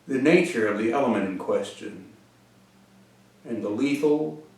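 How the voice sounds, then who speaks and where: A pompous man delivers a deadpan comedic monologue as a show host, with formal wording broken by hesitant pauses. His pitch moves in lively swoops. He sounds distant in a very echoey room. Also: gravelly. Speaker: host answering viewer questions. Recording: very echoey room, mic far off.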